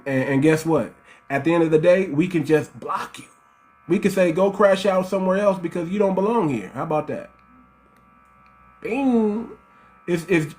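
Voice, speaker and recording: A man's voice: fairly high pitch, a little mellow. Defiant, taunting man on a panel. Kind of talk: opinionated online panel talk.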